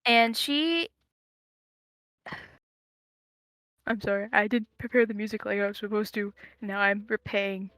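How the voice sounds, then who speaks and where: Casual game master, a woman with a bright, dry voice, rambling through a scene description. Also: medium pitch, fairly even intonation, measured pace, pauses often, no room sound. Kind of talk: narrating a tabletop game.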